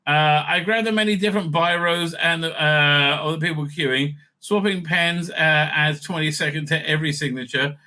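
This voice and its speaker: A man's voice: fairly high pitch, fairly even intonation, normal speed, few pauses, bright, forceful tone. A man reading aloud at home and breaking off into sarcastic, scornful asides, with a lot of fillers and hesitations. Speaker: vlogger commenting on TV news. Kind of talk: casual reading and mocking commentary. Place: home with a dog nearby.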